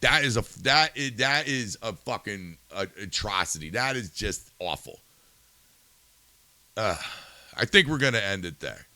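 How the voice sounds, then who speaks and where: A man's voice: lowish voice, expressive, unhurried, bright, forceful tone. A male podcast host in a profane ranting monologue, angry and swearing, firing rhetorical questions and then turning subdued and somber.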